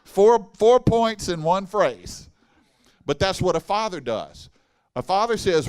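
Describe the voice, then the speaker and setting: A man preaching a sermon in a church, folksy and animated, mixing humor and asides with the congregation. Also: high-pitched, takes it slowly, clear, resonant tone. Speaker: pastor. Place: church hall.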